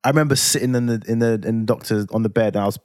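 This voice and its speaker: A man in his twenties with a London accent, telling a story on a podcast in casual chat, animated and swearing freely. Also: fairly low pitch, very fast, dry recording, studio quality. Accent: London English. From England. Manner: animated, swears freely, acts out heated quotes. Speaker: podcast co-host.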